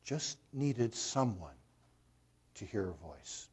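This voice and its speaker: Husky-voiced man preaching conversationally. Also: fairly low pitch, big pitch swings, takes it slowly, darkish tone. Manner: conversational storytelling, asks the congregation questions. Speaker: pastor. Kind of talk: sermon.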